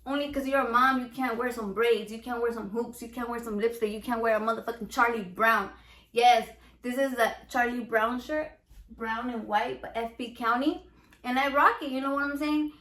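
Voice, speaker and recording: A Mexican American woman with a Chicano English accent hosts a casual home cooking vlog. She talks in a brash, playful, profane way, and her voice sits a bit high. The sound bounces around a roomy home kitchen. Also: fairly even intonation, normal speed, a bit bright. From United States, Mexican American. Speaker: home cook and salsa seller. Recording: echoey room.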